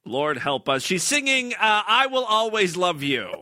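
A man's voice: high-pitched, sing-song, unhurried. A man hosting a comedic talk show, giving crude, sarcastic running commentary over clips. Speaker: podcast host.

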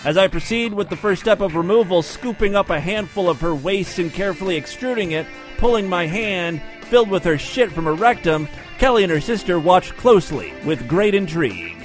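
A man with a notably high voice reads a scripted story aloud. His delivery is brisk and matter-of-fact, with the odd dry aside. Soft music plays quietly behind him. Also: expressive. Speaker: narrator.

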